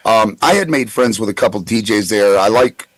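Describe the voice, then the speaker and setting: A man's voice: lowish voice, lively intonation, moderate pace, a bit bright, no echo, low-quality recording. A man in his forties who tells rambling anecdotes with stammered restarts in a casual interview. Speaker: guest voice actor.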